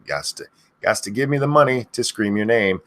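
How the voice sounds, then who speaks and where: A middle-aged man rambles through a casual live-stream chat, swearing often and breaking into high, shouted greetings of viewers' names. His speaking voice sits low but swings widely in pitch. The tone is bright and forceful. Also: expressive, brisk. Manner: crude, swearing.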